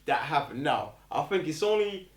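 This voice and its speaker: A man co-hosting a podcast in casual chat, excitable and quick to laugh. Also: fairly high pitch. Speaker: podcast co-host. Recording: echoey room.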